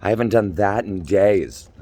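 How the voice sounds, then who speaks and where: A man's voice: fairly low pitch, unhurried, mellow. A man in his forties from Minnesota, doing a theatrical, rambling improvised comedy monologue while walking outdoors on city streets. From Minnesota, USA. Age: 40s. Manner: theatrical, campy, rambling jokes. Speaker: vlogger.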